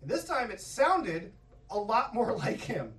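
A man's voice: high-pitched, measured pace, distant mic. A man doing a stand-up comedy set, telling a story conversationally and swearing often. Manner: conversational storytelling with swearing and animated quoted voices.

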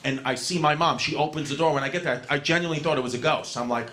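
Brash, tipsy New comic. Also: male voice, medium pitch, fairly even intonation, fast, few pauses, background noise. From New York. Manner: brash and profane, laughing through punchlines. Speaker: comedian. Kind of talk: stand-up storytelling.

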